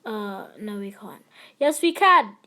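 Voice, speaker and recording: A woman's voice: medium pitch, takes it slowly. A young woman chatting casually and giggling while she plays and streams an online game. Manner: chatty, giggly, easily excited. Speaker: gamer streamer.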